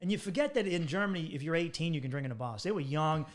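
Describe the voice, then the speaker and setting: An American man hosting a podcast, his voice pitched a little high for a man. He trades stories in a loose, joking way, swearing and acting out the other people's lines. The talk is casual banter. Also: expressive, racing. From United States. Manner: joking and chatty, swears and acts out quoted voices. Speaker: podcast host.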